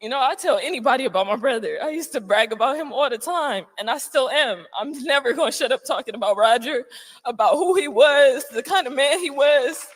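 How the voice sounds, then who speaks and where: A woman's voice: high-pitched, lively intonation, brisk. A woman giving a heartfelt eulogy at a memorial, emotional and holding back tears, with plenty of fillers. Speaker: family member giving a eulogy. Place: memorial gathering before a crowded room. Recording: long reverb in a large room.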